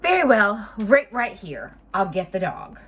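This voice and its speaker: A woman voicing a shifty male pet seller in a picture book, pitching odd animals persuasively. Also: big pitch swings, unhurried, a bit bright. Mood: salesy. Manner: persuasive, salesy.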